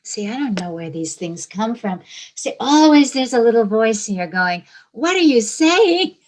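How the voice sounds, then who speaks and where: A middle-aged woman with a Georgia accent, giving a reflective spiritual talk in short phrases with long pauses, often dropping to a hushed whisper. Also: medium pitch, expressive, rough recording. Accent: Georgia (US South). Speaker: spiritual teacher.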